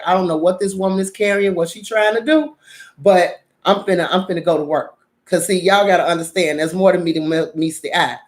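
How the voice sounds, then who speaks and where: A middle-aged woman telling a neighborhood story to her viewers, animated and profane, acting out everyone's lines. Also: lowish voice. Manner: animated, profane, acts out quotes. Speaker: drama vlogger.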